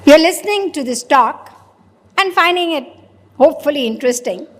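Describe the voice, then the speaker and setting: A woman's voice: sits high, animated, moderate pace, a bit bright. A woman giving a spiritual discourse, explaining step by step and acting out little dialogues to make her point. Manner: questioning, explanatory, acts out dialogue. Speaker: spiritual teacher. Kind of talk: religious discourse. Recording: long hall reverb.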